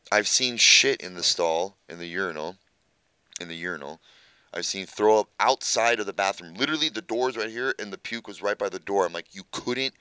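A man's voice: low voice, fairly quick, sharp tone, smooth. A young man co-hosting a podcast, telling crude, rambling stories, swearing freely, and acting out his friends. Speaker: podcast co-host. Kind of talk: crude casual banter.

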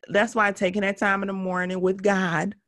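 A middle-aged woman co-hosting a casual chat about faith and parenting, candid and quick to laugh at herself. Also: medium pitch, little pitch movement, a crowd in the background. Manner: candid, laughs at herself, works through a numbered list.

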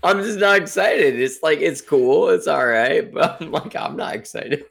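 A man in his twenties co-hosting a casual podcast, laid-back and quick to laugh and joke. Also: fairly high pitch, expressive, creaky, a bit bright. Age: 20s. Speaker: podcast co-host. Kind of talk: casual chat.

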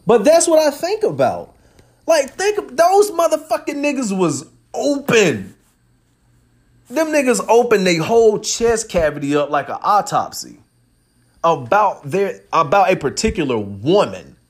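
Guy on a podcast going off, high pitched, super expressive, swears a lot. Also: measured pace. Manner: animated, profane, emphatic storytelling. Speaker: podcast host. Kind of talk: casual monologue.

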